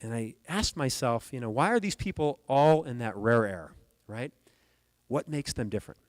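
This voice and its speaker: A man's voice: mid-range voice, expressive, normal speed, no echo, rough recording. A man delivering a motivational keynote speech at a conference, telling stories and speaking directly to the audience. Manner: storytelling, addresses the audience directly. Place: conference hall stage.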